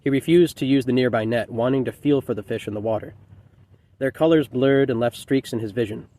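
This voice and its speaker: A man reads his own novel aloud in a measured, reflective way, with a voice at a middle pitch for a man. He trips on a word now and then and corrects himself. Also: dark tone. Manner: measured, reflective reading with occasional slips. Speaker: author reading his novel. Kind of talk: reading fiction aloud.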